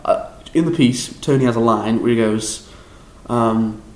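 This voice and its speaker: A young man with a Scouse accent talks through his audition in a loose, rambling vlog, tripping over his words and laughing at himself. His voice sits at an ordinary middle pitch, and the room around him rings with noticeable echo. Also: measured pace. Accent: Liverpool. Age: young adult. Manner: rambling, excitable, self-deprecating, frequent restarts and laughs. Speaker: drama school applicant. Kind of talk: casual vlog recap.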